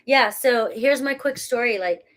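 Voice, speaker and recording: A woman's voice: on the high side, a little slow, a bit bright, slight background noise. A woman with a cold, a tarot reader who gives a casual, rambling reading and laughs at herself as she talks. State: has a cold.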